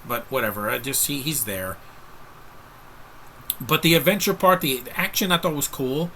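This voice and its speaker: A man's voice: medium pitch, normal speed, pushed and bright, slight background noise. A man giving a casual, rambling film review, talking frankly to his viewers with frequent restarts. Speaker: movie reviewer.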